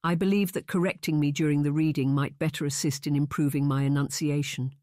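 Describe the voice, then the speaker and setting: A man voicing a polite, nervous but spirited young lady in an audiobook, lifting his pitch to sound earnest and questioning. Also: fairly even intonation, brisk, darkish tone, no room sound, studio quality, close to an everyday voice. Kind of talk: audiobook narration.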